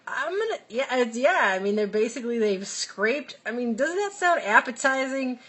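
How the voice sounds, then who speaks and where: A woman's voice: on the high side, lively intonation, normal speed, few pauses, a bit bright, breathy edge. A woman co-hosting a casual chat, sarcastic and prone to giggling.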